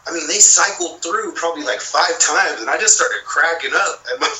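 A man's voice: a little high, moderate pace, pushed and bright, recorded from a distance, slight background noise, rough recording. A man telling a long, rambling story in casual chat, with plenty of swearing and filler. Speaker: podcast guest.

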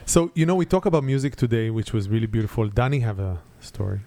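A man with an Israeli accent spins an animated family story, his grammar simple and a little broken. His voice is warm and mellow. It is recorded close and dry, with no room sound. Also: medium pitch, quick pace, no echo.

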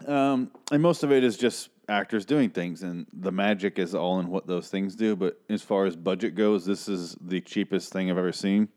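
A man's voice: low-pitched, normal speed, hardly any pauses, a little mellow. A man casually recapping a TV episode, rambling, joking and swearing as he goes. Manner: rambling, profane, restarts a lot, jokey.

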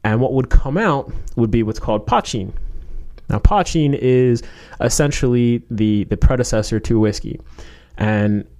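A man's voice: mid-range voice, a little slow, a little mellow. Man, casual chat, rambling storyteller, filler words, joking asides.

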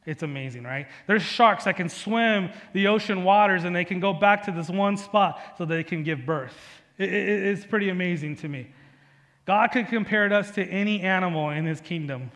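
A male pastor giving a sermon in a conversational, storytelling way, often checking in with the congregation with a quick "right?". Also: high voice, fairly bright tone, big-room sound. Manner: conversational preaching with personal stories and frequent "right?". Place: church sanctuary.

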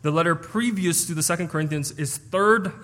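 A man's voice: fairly high pitch, a little fast, a bit bright, long reverb tail. A man preaching an expository sermon, explaining a passage earnestly with some stumbles and restarts.

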